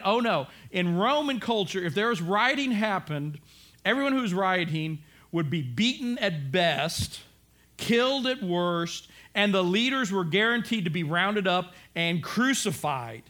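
A man preaching a sermon, telling the story in an animated way, acting out voices and rising to shouts. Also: high-pitched, a little slow. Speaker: pastor.

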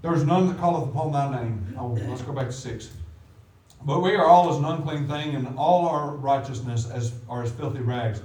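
A man preaching a sermon as pastor, animated, with big swings in loudness. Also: mid-range voice, distant mic. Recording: echoey room, voice from off the mic.

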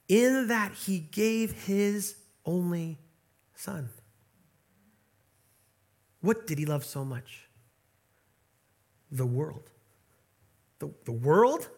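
A man preaching a sermon in an earnest, conversational way, often restarting his words and slowing down to read scripture. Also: sits high. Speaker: pastor.

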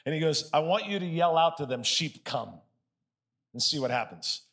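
A man preaching in a church, telling a story with energy and then speaking softly in invitation. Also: a little high, fast. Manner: animated storytelling that drops to soft, quiet invitation. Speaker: pastor. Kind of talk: sermon.

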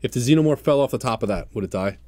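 A man co-hosting a podcast, chiming in with laid-back, deadpan asides during an improvised comedic story. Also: medium pitch, racing, no echo. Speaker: podcast co-host.

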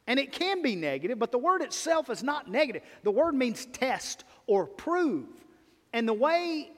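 High-voiced preacher man. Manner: emphatic preaching, rising and falling in volume. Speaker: pastor. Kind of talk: sermon. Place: church sanctuary. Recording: long reverb of a church sanctuary.

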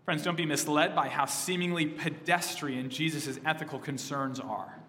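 A man, a pastor, preaching a sermon with emphatic swells of intensity and hushed drops on key phrases. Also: fairly high pitch, normal speed, long reverb tail. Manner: emphatic preaching, surging louder on key phrases and dropping soft on others.

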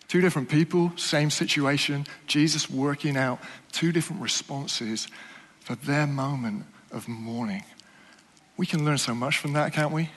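Male preacher, high voice, earnest, asks the room questions, long hall reverb. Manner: earnest, questioning, drops to soft slow emphasis. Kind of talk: sermon.

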